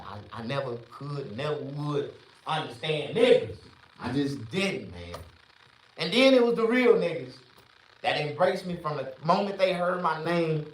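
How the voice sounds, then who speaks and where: A man doing a profane, rambling stand-up rant, jumping from shouted bursts to low mutters. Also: distant mic. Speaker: stand-up comedian. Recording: echoey room, voice off-mic.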